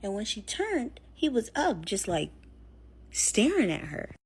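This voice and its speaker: A woman's voice: fairly high pitch, big pitch swings, measured pace, breathy edge. A woman telling a scary story in a chatty, casual way, full of fillers, acting out what people said. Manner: chatty, filler-heavy, acts out quotes.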